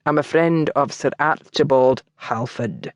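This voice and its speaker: A woman's voice: rumbling low, a little slow, dry recording, pitched below the performer's own voice. A woman voicing a young Scottish lord with a broad brogue, speaking bluntly in an audiobook. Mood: polite. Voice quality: broad brogue with dialect words. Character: young Scottish lord, brash and quick-tempered.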